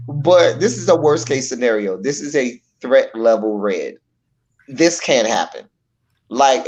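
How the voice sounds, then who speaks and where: A man's voice: medium pitch, a little mellow. A man in a casual online panel talk, making his case with emphasis and repeating key points for stress. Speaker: YouTube commentator on a panel. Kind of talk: casual critical panel discussion.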